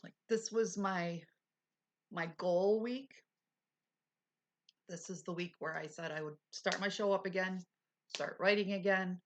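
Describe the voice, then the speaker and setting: Speaking at a measured pace with frequent pauses, a middle-aged woman with a fairly low voice hosts a casual livestream. She's recovering and low on energy, yet chats candidly with her viewers and laughs often.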